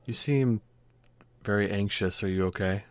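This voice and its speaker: Towering calm male cleric, deep, solemn and soothing, voiced by a man. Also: moderate pace, dry recording, close to an everyday voice. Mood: serene. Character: tall, calm, fatherly human male cleric.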